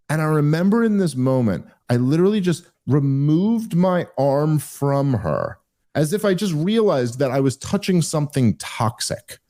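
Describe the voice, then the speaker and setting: A man hosting a podcast, a stand-up comic telling a story in casual conversation, getting more animated as he grows indignant. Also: moderate pace. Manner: animated, rising higher when indignant.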